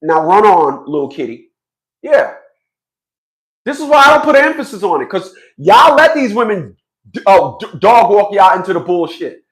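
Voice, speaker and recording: A man's voice: high-pitched, big pitch swings, normal speed. A man in his fifties giving a blunt, profane vlog monologue, stammering through repeated restarts. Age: 50s. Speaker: fathers' rights commentator.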